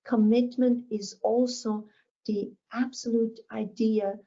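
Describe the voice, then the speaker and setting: A woman's voice: fairly high pitch, fairly even intonation, slow, mellow, muffled recording. A woman giving a motivational keynote talk, emphatic and repeating her key phrases. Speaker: motivational speaker.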